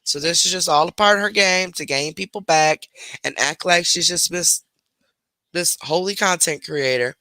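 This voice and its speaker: A man's voice: fairly high pitch, normal speed, sharp tone, no echo. A man giving reaction commentary on a clip, talking in a scornful, sarcastic way.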